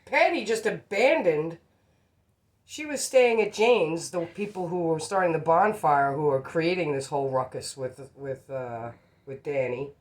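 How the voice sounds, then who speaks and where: A woman's voice: low-pitched, a little slow. A woman in casual chat with a friend, chiming in with short remarks before telling her own story. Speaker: friend listening.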